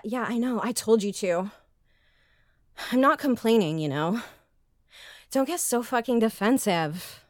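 A woman's voice: high voice, no echo, studio quality. A young woman voicing a teasing, foul-mouthed tomboy best friend in an audio role-play, gasping and breathless.

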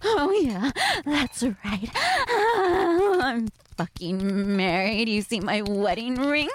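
A woman voicing a defiant young waitress in a scripted audio role-play, teasing and sarcastic, then pleading, with a breathy voice. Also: very animated, slow pace, a little hiss or hum. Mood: bratty. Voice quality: breathy, swings between low murmurs and high cries.

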